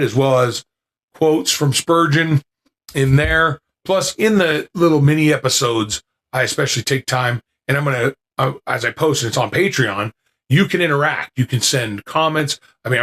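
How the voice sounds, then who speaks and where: A man's voice: mid-range voice, fairly bright tone. A man hosting a podcast, chatting casually to listeners in a rambling way, with lots of fillers and restarts, into a podcasting mic with noise reduction. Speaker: podcast host.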